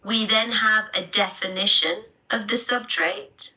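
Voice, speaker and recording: Slow, bright-voiced woman teaching online. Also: on the high side, animated, low-quality recording. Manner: clear, deliberate explanatory delivery. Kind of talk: live online teaching webinar.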